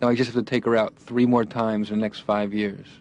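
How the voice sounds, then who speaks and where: A man's voice: on the low side, little pitch movement, a little fast, heavy background noise, natural voice. A man voicing a chatty young patient in a cartoon, telling jokes in a rambling stand-up delivery. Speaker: comedian patient. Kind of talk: stand-up routine.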